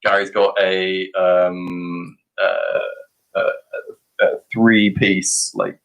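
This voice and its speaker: Low-voiced young British man rambling. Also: little pitch movement, very slow, gravelly, rough recording. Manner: rambling, swears freely, heavy "like" fillers. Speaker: podcast guest. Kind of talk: casual storytelling chat.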